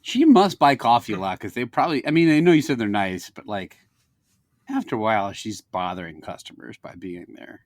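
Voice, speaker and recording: A man's voice: lowish voice, lively intonation, fairly quick, dry recording. A man co-hosting a casual podcast, dropping wry, joking comments into the conversation. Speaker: podcast co-host.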